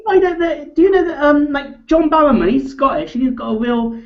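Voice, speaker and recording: A woman's voice: sits high, fairly quick, lo-fi sound. A woman co-hosting a casual live chat, asking chatty questions with hesitant fillers. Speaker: co-host.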